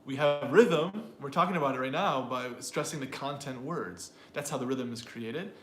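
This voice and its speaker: A man's voice: medium pitch, normal speed. A man co-hosting a casual chat, explaining ideas in a rambling way with many restarts and playful demonstrations. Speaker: co-host, English teacher. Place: room with a piano. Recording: echoey room, faint ambience.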